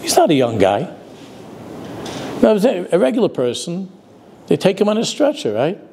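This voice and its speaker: A man's voice: high voice, wildly swooping pitch, moderate pace, vocal fry, a little mellow, a little hiss or hum. Older rabbi man telling stories. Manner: storytelling, mixes in Yiddish and Hebrew words. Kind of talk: sermon.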